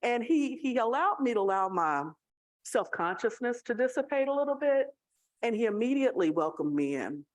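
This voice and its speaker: A woman's voice: a little high, expressive, moderate pace, no echo. A woman with a Southern American accent giving a conversational speech at a staff awards gathering, telling a story and checking in with her audience. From Tennessee, USA. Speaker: college student affairs leader.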